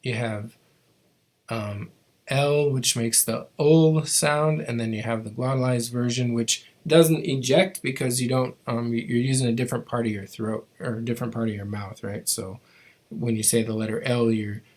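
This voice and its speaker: A man's voice: medium pitch, fairly even intonation, moderate pace, darkish tone. A man teaching a language class, patiently explaining how to make each sound, with frequent ums and restarts.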